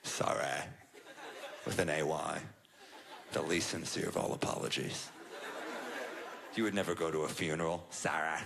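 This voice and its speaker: Deep-voiced man doing stand-up, crowd laughing. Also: fairly even intonation, moderate pace, gravelly, pauses often. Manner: dry, self-deprecating storytelling. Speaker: stand-up comedian. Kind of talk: stand-up comedy set. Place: comedy club stage. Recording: live club set with crowd laughter. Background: audience laughter.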